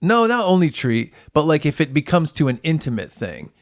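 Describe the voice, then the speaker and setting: A man's voice: fairly high pitch, very animated, normal speed, no room sound. Guy on a comedy podcast riffing, doing little voices for people in his stories, dry mic. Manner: storytelling, acts out quoted people. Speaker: podcast co-host. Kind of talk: casual comedic chat. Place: podcast studio.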